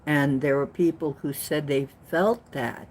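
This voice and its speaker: A woman's voice: low voice, unhurried, a little mellow. A woman giving an earnest, rambling spiritual talk, telling a story with many restarts. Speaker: spiritual channel host.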